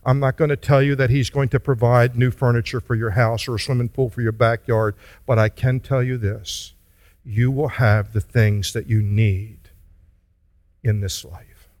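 A man's voice: mid-range voice, fairly even intonation, a little mellow, no room sound. A man preaching a sermon as pastor, earnest and pleading, then leading the congregation in prayer. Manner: earnest, pleading, slow deliberate delivery.

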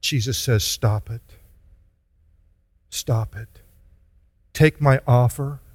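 A man's voice: mid-range voice, no echo. A man preaching a sermon as pastor, earnest and pleading, then leading the congregation in prayer. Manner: earnest, pleading, slow deliberate delivery.

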